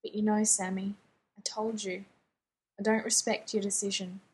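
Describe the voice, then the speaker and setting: A woman reading the part of a grieving young man who pleads softly and apologetically to his younger brother in a fan fiction reading. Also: medium pitch, little pitch movement, moderate pace, slightly rough. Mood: pleading.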